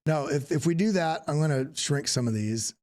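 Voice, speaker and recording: A man from the Southern United States hosts a live chart breakdown with a somewhat higher voice. He speaks casually and thinks out loud. His sentences often stop and restart as he points things out. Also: normal speed. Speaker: host. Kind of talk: live technical chart analysis.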